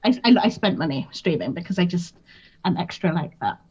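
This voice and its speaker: A woman's voice: fairly low pitch, animated, a little fast, dark tone, breathy edge, dull audio. A woman chatting as a guest on a livestream. She talks frankly and jokes at her own expense, with a lot of fillers. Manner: frank, self-deprecating, full of fillers. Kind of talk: casual chat on a livestream.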